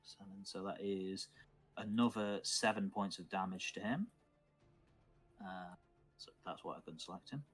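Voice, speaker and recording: A man with a fairly low voice runs a tabletop game as dungeon master. He narrates rolls, hits and damage in a matter-of-fact way, keeping his players up to date. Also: unhurried, pauses often, fairly bright tone, husky, soft background music.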